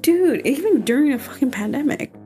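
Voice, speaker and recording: A woman's voice: high voice, animated, a little fast, mellow, soft background music. A young woman co-hosting a podcast, chatting casually with many fillers and restarts. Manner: conversational, loose, with frequent fillers and restarts. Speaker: podcast co-host. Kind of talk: casual chat.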